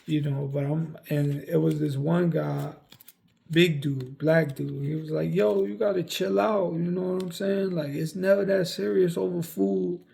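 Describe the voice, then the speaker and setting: A man's voice: fairly high pitch, level tone, a little slow, vocal fry, dark tone. A young man from the United States telling a story, rambling with lots of fillers and cursing. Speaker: vlogger. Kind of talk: casual storytelling.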